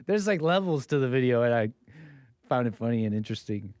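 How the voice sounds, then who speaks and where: Jokey man reacting with lively voice. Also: mid-range voice, unhurried, long pauses, dry recording, clean studio sound. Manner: jokey, mocking, mimics voices. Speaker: streamer reacting to videos. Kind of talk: casual reaction commentary.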